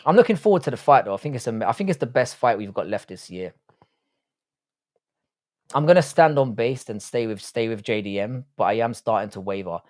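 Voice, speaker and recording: A man hosts a loose livestream, answering viewer comments with crude banter and constant swearing. His voice sits at an ordinary middle pitch. The sound is dry and close, with no room echo. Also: expressive, a little fast. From United Kingdom. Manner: profane, bantering, slangy. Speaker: livestream host. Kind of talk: casual livestream chat reading viewer comments.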